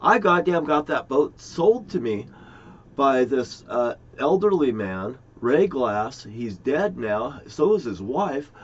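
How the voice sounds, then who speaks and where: A man's voice: medium pitch, sing-song, slow, husky. A middle-aged man talking in a rambling, aggrieved monologue to his viewers, swearing often. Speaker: vlogger. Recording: dull lo-fi recording.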